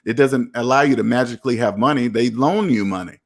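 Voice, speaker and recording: A man hosts a live finance stream and reads out viewer comments as they come in. He talks bluntly and with a lot of energy, and he puts on voices for the people he quotes. His voice sits at an ordinary middle pitch. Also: brisk.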